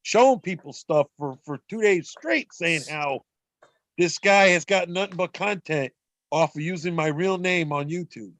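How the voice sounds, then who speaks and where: A man on a livestream chat, speaking calmly and dismissively in short replies. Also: fairly high pitch, measured pace, no room sound. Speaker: livestream guest.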